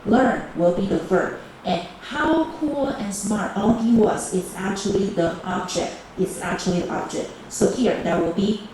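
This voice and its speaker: A woman teaching a bilingual grammar lesson to high school students, repeating key phrases and calling on teams. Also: unhurried, darkish tone, distant mic. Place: large echoey classroom. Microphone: camera recording the class. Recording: echoey classroom video with background noise.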